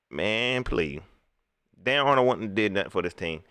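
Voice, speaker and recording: Animated, emphatic man ranting live. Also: fairly low pitch, a little slow, clean tone, dry recording. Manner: animated, emphatic, repeats phrases. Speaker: live stream host. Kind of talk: casual live stream rant.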